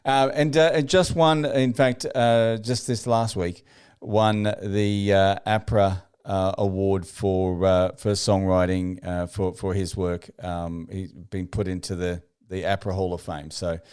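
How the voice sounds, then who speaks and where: Male host, interview chat, hesitant fillers, smooth voice. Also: low-pitched, little pitch movement, unhurried, few pauses, a little mellow. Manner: hesitant, frequent "uh" and restarts.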